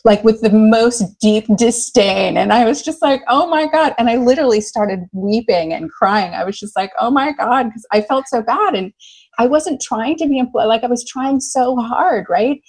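A woman's voice: on the high side, normal speed, darkish tone. A middle-aged woman, an enthusiastic storyteller with a big laugh, speaking as a love coach in a podcast interview. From United States.

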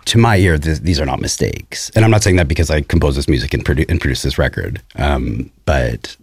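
A man, a composer and producer, talking through his recording work in a thoughtful, measured way with frequent pauses. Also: very deep voice, breathy edge. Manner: thoughtful, many "um"s and restarts, measured storytelling. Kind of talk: casual interview conversation.

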